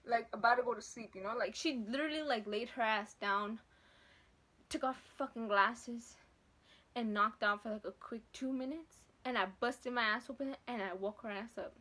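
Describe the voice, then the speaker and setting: Brief: young female vlogger, high-pitched, swearing, chatty and animated. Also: moderate pace. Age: late teens to early 20s. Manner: profane, slangy, animated retelling. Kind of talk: casual storytelling to camera.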